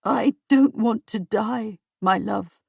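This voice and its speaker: A frightened dying king whines and stammers through his words, dragging each one out, voiced by a woman reading aloud. The delivery is unhurried and the sound is dry and close. He sounds self-pitying and childlike. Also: fairly high pitch, creaky, a little mellow, slightly rough, no room sound, exaggerated voice. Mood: pleading. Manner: slow, stammering, pleading.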